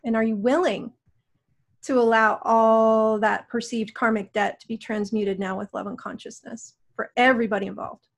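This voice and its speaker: A woman's voice: fairly high pitch, fairly even intonation, vocal fry. Soothing woman guiding a healing session. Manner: slow, soothing, coaxing prompts. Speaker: energy healer guiding a session.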